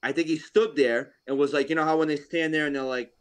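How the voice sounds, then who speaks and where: A man from Rhode Island telling a hunting story on a podcast in a casual, animated way, acting out what people said. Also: on the high side, quick pace, clean tone. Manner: animated, acts out quotes, laughs often. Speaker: podcast guest, deer hunter.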